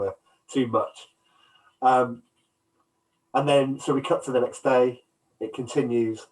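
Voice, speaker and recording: A man co-hosting a film podcast, casually retelling scenes and acting out quotes, on a video call. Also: medium pitch. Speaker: podcast co-host. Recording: distant from the mic, headset.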